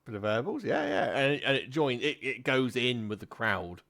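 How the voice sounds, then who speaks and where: A man runs a tabletop game, narrating in a rambling way with plenty of fillers and restarts. His pitch moves around a lot, and his voice has a gravelly texture. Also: very animated, moderate pace, fairly bright tone. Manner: rambling, with many fillers and self-corrections. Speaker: game master.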